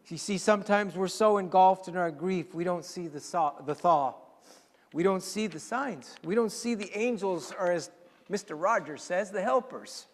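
A man preaching with a fairly high voice, telling stories and dropping to a near-whisper for weight. His words ring out with a long reverb, as in a large church hall. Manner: storytelling, dramatic shifts to a hushed voice for emphasis. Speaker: pastor. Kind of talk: sermon.

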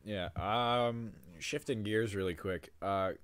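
A man hosting a podcast, telling stories in an animated way and swearing freely. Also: fairly low pitch, slow pace, smooth, no room sound. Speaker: podcast host. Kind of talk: casual podcast chat.

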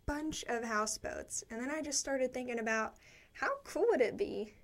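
A young woman chats and rambles in a cheerful, upbeat way. Her voice sits a bit high, and she sounds a little out of breath as she reads comments from a studio cubicle. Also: normal speed. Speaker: live stream show host. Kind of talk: casual chat reading viewer comments.

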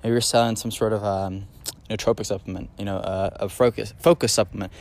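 A man's voice: fairly low pitch, steady tone, a little fast, creaky, darkish tone. Male podcast host, solo monologue; casual, filler-heavy, eager emphasis on key points. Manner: casual, rambling, many fillers and restarts.

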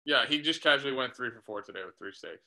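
A man co-hosting a casual baseball podcast, joking and throwing out quick hot takes. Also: mid-range voice, vocal fry, pushed and bright. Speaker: co-host.

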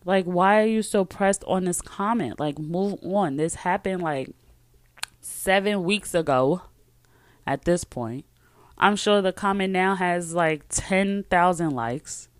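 A woman with a lowish voice talks on her own as a podcast host. She is chatty and emphatic, and she trails off and starts over. The sound is close and dry, with no room around it. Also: slow, no room sound. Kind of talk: casual solo talk with a read sponsor ad.

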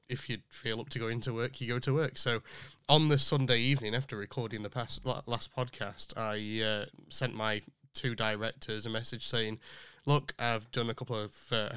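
Chatty man, smooth dry voice. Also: medium pitch, a bit bright, no echo. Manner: chatty, rambling with many fillers and restarts. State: voice still rough from illness. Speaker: podcast host. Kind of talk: casual chat.

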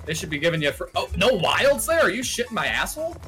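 A man hosting a slots show in a studio, bantering crudely and excitedly with friends. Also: high-pitched, fast, soft background music. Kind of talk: casual group banter while gambling.

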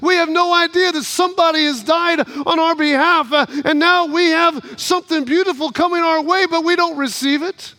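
A man's voice: very high-pitched, moderate pace, hardly any pauses. A man preaching a sermon, telling stories and calling out to the congregation with frequent fillers. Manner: storytelling, rising to excited exhortation, frequent "uh" fillers. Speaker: pastor.

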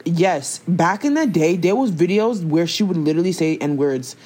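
A young woman with a lowish voice that swings widely in pitch, riffing in casual chat. She talks in an animated, slangy way and tells her stories with plenty of expression. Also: normal speed.

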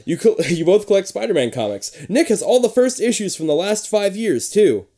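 A host reading a children's spooky book aloud in a mellow, darker voice, stopping to make sarcastic jokes. The pitch swings widely from line to line. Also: sing-song, a little fast. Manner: sarcastic, breaks off the reading to mock the story. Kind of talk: comedic read-aloud with joking asides.

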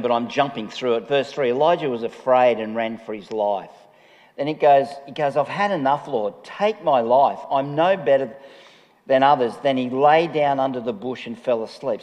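A man preaching in a relaxed, joking way, laughing at his own stories between points. His voice sits at an ordinary middle pitch. It carries with a long reverb, as if from a large church hall. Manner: jokey, chatty, laughs often. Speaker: pastor. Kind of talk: conversational sermon.

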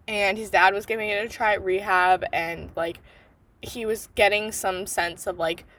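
A woman hosting a book podcast, chatting casually and rambling with lots of fillers. She gushes and gets exasperated, swearing freely. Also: medium pitch. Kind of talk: casual book review chat.

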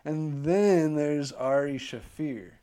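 A man's voice: a little high, slow pace, dark tone, clean tone. A man chatting casually as a podcast co-host, rambling with lots of filler words and swearing. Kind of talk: casual chat.

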